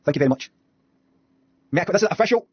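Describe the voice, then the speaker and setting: A man's voice: high-pitched, animated, fast talker, slightly rough, no echo, muffled recording. A Scottish man streaming at his computer, reacting to videos with blunt, sweary, sardonic commentary. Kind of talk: casual live commentary. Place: indoors at a computer.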